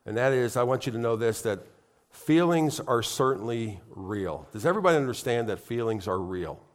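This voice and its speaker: A man's voice: medium pitch, animated, normal speed. A middle-aged man preaching a sermon in church, conversational and heartfelt, building to emphatic, rising appeals. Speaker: pastor.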